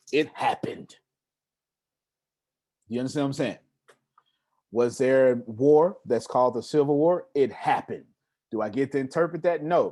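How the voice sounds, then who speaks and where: A motivational speaker gives an emphatic live seminar talk about money, repeating words for stress and asking his audience questions. He has a fairly high, slightly mellow voice.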